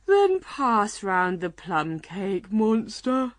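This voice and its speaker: A woman's voice: medium pitch, big pitch swings, extremely slow, no echo, clean studio sound. A woman playing a sleepy grumpy lion. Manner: tired and curt.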